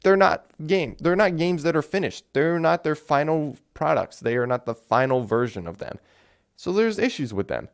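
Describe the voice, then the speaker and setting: Smooth-voiced man rambling about games. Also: on the high side, moderate pace. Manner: rambling, animated, many fillers and restarts. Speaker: podcast host. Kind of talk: casual solo game talk.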